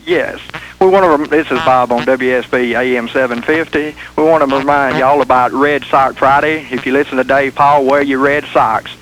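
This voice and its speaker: Male caller, mid pitch, taunting jokes. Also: fairly even intonation, normal speed, fairly bright tone, faint music behind, rough recording. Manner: jokey, taunting. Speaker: radio caller.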